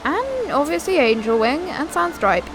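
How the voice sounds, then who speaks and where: A young woman giving casual, chatty gameplay commentary while she plays, often bemused and quick to correct herself. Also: high-pitched, very animated, over music. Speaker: gaming YouTuber.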